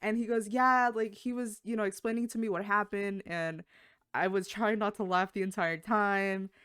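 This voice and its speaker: A woman co-hosting a podcast, telling a story in casual chat, acting out quotes with sudden jumps in pitch and lots of fillers. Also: fairly even intonation, normal speed, fairly bright tone, smooth, no room sound, studio quality. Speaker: podcast co-host.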